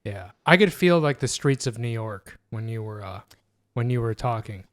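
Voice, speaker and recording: A man's voice: mid-range voice, expressive, normal speed, no echo, clean studio sound. A man hosting a podcast, bantering casually with jokey, self-deprecating remarks. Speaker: podcast host.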